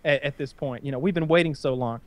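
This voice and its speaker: A man's voice: mid-range voice, fast talker, no room sound. A man telling a long story in casual chat, rambling and profane with frequent restarts.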